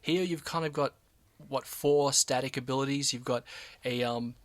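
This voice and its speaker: A man's voice: mid-range voice, fairly even intonation, normal speed, no room sound. A man co-hosting a radio podcast in a studio, describing a game plainly with a few ums. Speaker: podcast co-host. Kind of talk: casual game review chat.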